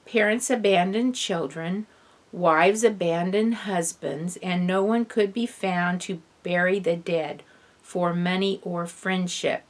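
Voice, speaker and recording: A woman's voice: fairly low pitch, slow. Woman narrating a children's novel. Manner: first-person, expressive. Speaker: audiobook reader. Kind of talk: storybook narration.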